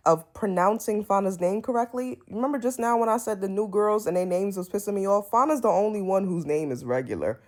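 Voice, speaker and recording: A young woman from Brooklyn, giving a blunt, animated, casual review of a reality show. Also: on the low side. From Brooklyn, New York. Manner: animated, sassy, blunt commentary with quick asides. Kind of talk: casual episode review vlog.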